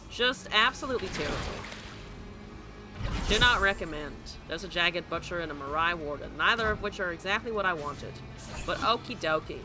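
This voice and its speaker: A woman streaming a card game, commenting as she plays and ranting with heavy swearing about her opponents. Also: on the low side. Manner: profane, ranting, exasperated. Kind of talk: live-stream gameplay commentary.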